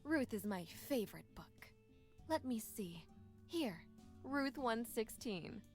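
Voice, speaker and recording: An earnest young woman, voiced by a woman, coaxes her friend with calm, persuasive lines. She speaks in a fairly high voice and recites old verses gently, as in a story-driven game. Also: slow, soft background music. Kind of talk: video game voice acting.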